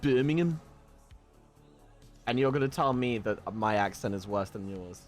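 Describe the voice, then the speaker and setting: A man from the south of England with a southern English accent, chatting casually with his live audience. He stammers into restarts and jumps into high excited squeals. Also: a little fast, soft background music. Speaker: livestreamer. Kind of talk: casual chat reading live comments.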